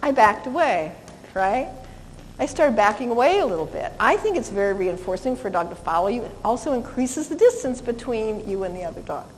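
A woman's voice: on the high side, big pitch swings, brisk, big-room sound, a little hiss or hum, poor audio. A woman dog trainer teaching a live seminar, cheerful as she demonstrates with a dog and coos to it sweetly.

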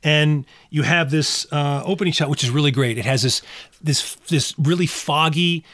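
Eager man, higher voice, dry sound. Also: moderate pace, fairly bright tone, no room sound. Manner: enthusiastic, repeats words and restarts often. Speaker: podcast co-host. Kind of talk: casual film discussion. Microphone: podcast microphone.

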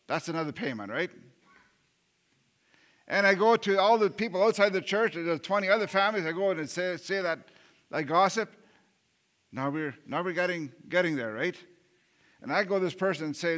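A man preaching a sermon with a bright, forceful voice pitched a little high. He talks earnestly, stumbles over repeated words and restarts, and keeps asking his listeners questions. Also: expressive, normal speed. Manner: rhetorical questions to the congregation. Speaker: pastor.

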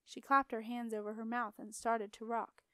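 Woman reading a fantasy book out loud, highish smooth voice, super dry close mic. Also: flat delivery, moderate pace, no echo. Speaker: audiobook narrator. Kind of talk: storybook narration.

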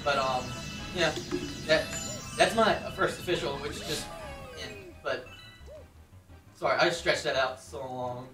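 A young man telling a story in a rambling, casual way while playing a game, with lots of fillers and sudden loud outbursts. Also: on the high side, a little slow, long pauses, far from the mic. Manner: rambling, filler-heavy, bursts into loud exclamations. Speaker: let's play host. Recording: echoey room, voice off-mic. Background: game music.

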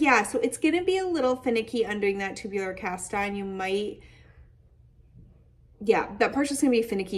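A woman hosting a casual knitting podcast, chatty and enthusiastic, her voice a little tired and hazy. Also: on the high side. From Michigan. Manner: chatty, warm-hearted, enthusiastic with fillers. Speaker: podcast host. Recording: voice a bit distant from the mic.

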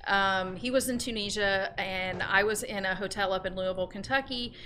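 A woman in her fifties chats as a podcast guest, telling animated stories and acting out the lines of the people in them. Her voice is bright and forward. A faint hiss sits under the recording. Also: medium pitch, moderate pace. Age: 50s. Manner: animated storyteller who acts out quoted voices. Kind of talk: casual chat.

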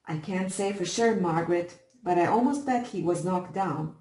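A woman voicing a grave male doctor who speaks calmly and confidingly in a storybook reading with a roomy echo. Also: on the low side, normal speed, slight background noise, natural voice. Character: grave neighborhood doctor, a man.

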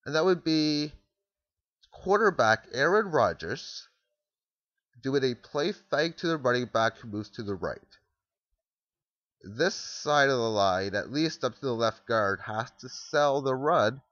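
A man's voice: medium pitch, fairly bright tone, dry recording. A man in an ordinary middle register talks through football tactics off the cuff. He rambles and restarts his sentences as he works out each idea. The sound is dry and close, on a dull lo-fi recording. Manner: rambling, thinks aloud, restarts sentences while walking through plays. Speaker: amateur football analyst. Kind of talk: casual spoken explainer.

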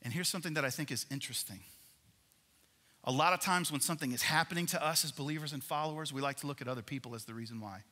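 A man preaching a sermon as a pastor, animated, swinging between loud emphasis and hushed passages. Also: on the high side, fast, long reverb tail.

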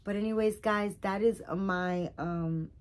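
A middle-aged woman vlogging about her doll collection in a rambling, chatty way, full of fillers, excitable and emotional. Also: medium pitch, unhurried. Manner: rambling, warm-hearted and chatty, many fillers; excitable, rising loud on some words. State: emotional, recently crying. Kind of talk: casual chat to viewers.

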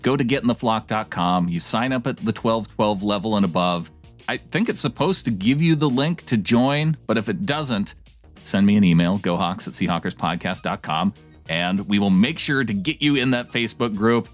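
A man's voice: lowish voice, lively intonation, soft background music. Playful man reading an email on a podcast. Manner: playful, theatrical reading with dramatic pauses. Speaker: podcast co-host. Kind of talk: casual podcast chat, reading listener email.

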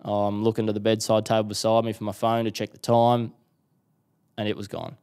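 Aussie guy, lowish smooth voice, chatty storyteller doing everyone's lines. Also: brisk. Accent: Australian. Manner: animated storyteller acting out quotes. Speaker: guest. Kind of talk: casual storytelling interview.

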